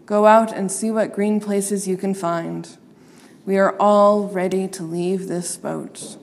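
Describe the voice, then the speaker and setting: A woman voicing a kindly old man who tends the animals, speaking softly and coaxingly. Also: mid-range voice, fairly even intonation, slow pace, long reverb tail. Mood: gentle coaxing. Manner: soft, coaxing and tender.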